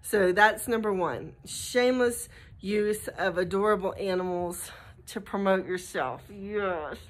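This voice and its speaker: An American woman in middle age talks casually into the camera for a vlog. She rambles and restarts, breaks off to coo at her dog, and then comes back to her list. Her voice sits at an ordinary, medium pitch. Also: a little slow. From United States. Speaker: vlogger.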